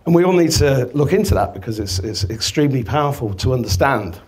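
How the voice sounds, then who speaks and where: A man speaks to a live audience in a loose, rambling way, swearing freely and slipping into little acted-out exchanges. His pitch sits in an ordinary middle register. He is speaking in an event venue. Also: animated, fast, darkish tone, husky. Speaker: guest speaker. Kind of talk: casual live talk to an audience.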